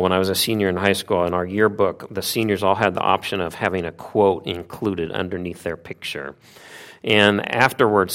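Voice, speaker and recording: Male preacher, lowish voice, animated storyteller posing questions to the congregation. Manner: animated retelling with rhetorical questions. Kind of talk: sermon storytelling.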